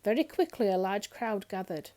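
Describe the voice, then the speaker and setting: Woman, storyteller, children's picture book read-aloud, expressive, mellow tone, lively melody. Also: mid-range voice, moderate pace. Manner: expressive, lilting.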